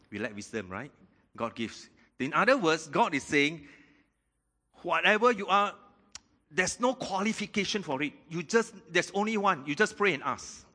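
A man preaching a sermon in a church hall, firing off rhetorical questions and swelling louder on key points. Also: medium pitch. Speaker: pastor. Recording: long hall reverb.

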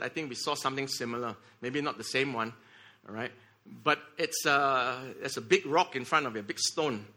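A man preaching a sermon, often repeating words and checking in with the congregation by asking "okay?" and "right?". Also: medium pitch. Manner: leads the congregation in shouting together.

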